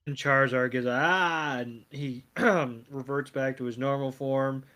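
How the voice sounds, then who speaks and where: A man co-hosting a casual podcast, recapping scenes in a rambling way with dry, deadpan quoted lines. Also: mid-range voice, moderate pace. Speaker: podcast co-host.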